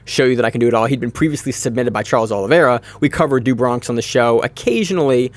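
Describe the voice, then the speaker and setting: A man's voice: mid-range voice, fast. A man hosting a podcast, talking in a loose, chatty way with casual swearing, close to the mic. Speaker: podcast host.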